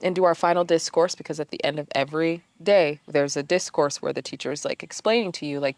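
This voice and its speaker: A woman vlogger telling a personal story in a candid, self-mocking way with lively asides. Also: deep voice, brisk, few pauses, no echo.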